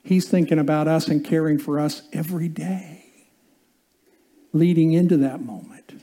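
A man's voice: on the high side, moderate pace, warm tone. A male pastor preaching a sermon in a conversational way, often asking the congregation questions.

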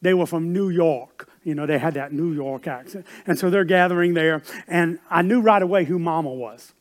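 A man preaching, his voice sitting a little higher than most men's. He talks in a relaxed, conversational way and then drives his points home with emphatic, louder lines. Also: normal speed. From South Carolina. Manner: conversational, building to emphatic peaks. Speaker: pastor. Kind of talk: sermon with storytelling.

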